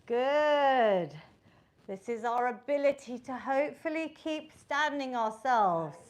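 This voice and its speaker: High-voiced, unhurried woman fitness instructor. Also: lively intonation. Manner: encouraging, counts reps aloud. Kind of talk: live online workout instruction.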